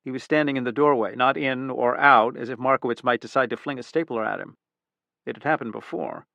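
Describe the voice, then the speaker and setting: A man reading a crime thriller audiobook in a measured, even narration. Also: medium pitch, creaky, no echo, muffled recording. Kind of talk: scripted narration.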